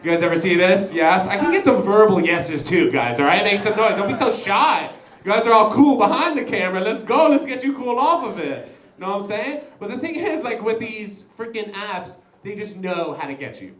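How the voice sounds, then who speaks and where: A young man doing stand-up at a live comedy show, his voice high and bouncing all over the place. He talks straight to the crowd in an animated, chatty way, and the room sounds big and echoey around him. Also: moderate pace. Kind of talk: stand-up set with crowd work.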